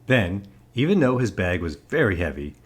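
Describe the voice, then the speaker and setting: Low, expressive male storyteller. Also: moderate pace, breathy edge. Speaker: narrator. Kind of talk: children's read-aloud.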